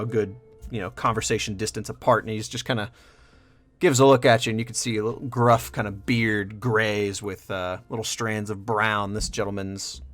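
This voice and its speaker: A man running a tabletop game, describing scenes loosely with many fillers. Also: fairly low pitch. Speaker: game master.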